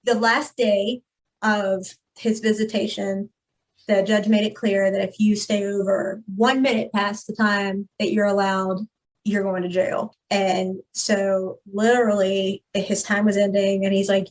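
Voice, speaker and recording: A woman guest on a podcast interview, retelling a personal story in an emphatic, animated way. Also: medium pitch, unhurried.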